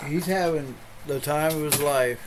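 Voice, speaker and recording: Casting: middle-aged male pastor, chatty rambling livestream host, slightly higher voice, faint background noise. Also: normal speed. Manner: rambling, chatty storytelling with many restarts. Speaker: pastor hosting an online show. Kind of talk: casual chat on a livestream.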